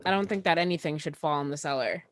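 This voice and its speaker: A woman co-hosting a news talk show, chiming in with quick agreement and short remarks. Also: low voice, no echo. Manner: quick agreeing interjections, laughs easily. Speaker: co-host. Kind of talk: casual news talk chat.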